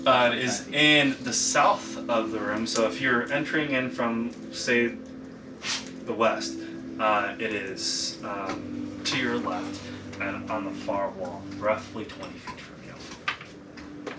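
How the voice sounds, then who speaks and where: A man's voice: lowish voice, takes it slowly, roomy sound. A man narrating as dungeon master at a game table, loose and rambling, with lots of ums and casual swearing. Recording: distant mic with clear background noise.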